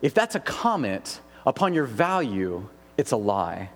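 A man preaching a sermon as pastor, earnest and emphatic, with pauses for weight. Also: mid-range voice, sing-song, big-room sound. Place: church sanctuary.

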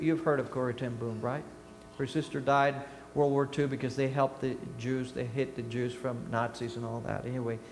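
Older man, pastor, emphatic sermon, fairly high voice, roomy echoey hall. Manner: emphatic, swinging from loud high bursts to quiet low asides. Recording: echoey hall with long reverb, faint hum.

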